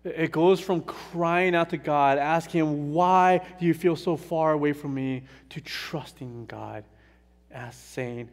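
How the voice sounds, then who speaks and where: A man with a fairly high voice preaches with slow, earnest emphasis, his voice going quiet on the hardest words. He stands in a church, and a long hall reverb trails behind each phrase. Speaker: pastor. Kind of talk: sermon. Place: church sanctuary.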